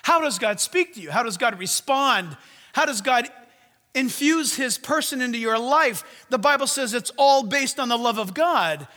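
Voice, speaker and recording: A man preaching a sermon, swinging from loud commands to hushed asides. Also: very high voice, animated, moderate pace, in a large hall. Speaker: pastor.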